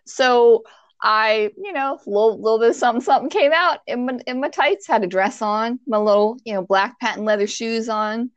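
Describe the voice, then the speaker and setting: A woman telling a childhood story in casual chat, animated, acting out the people in it with squeaky high voices and laughing at herself. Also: moderate pace, dry recording, dull audio. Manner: self-mocking, laughs while telling.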